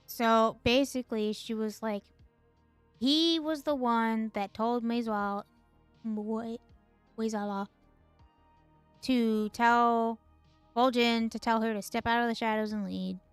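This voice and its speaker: A woman's voice: on the high side, clean tone, no echo. A woman host giving casual, slangy, profane commentary on game lore, full of chatty asides. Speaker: gaming video host.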